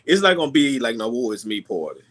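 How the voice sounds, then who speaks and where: A man's voice: mid-range voice, sing-song, fast talker, fairly bright tone. A man co-hosting a casual chat show, talking emphatically with slang. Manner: emphatic, slangy, laughs a lot. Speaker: co-host.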